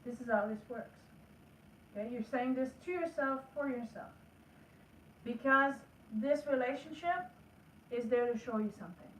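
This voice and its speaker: A woman's voice: on the high side, slight background noise. Earnest woman teaching, echoey room. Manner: earnest, coaching, acts out inner dialogue. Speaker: energy work teacher. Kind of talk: spiritual teaching talk. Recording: echoey room, voice heard from a distance.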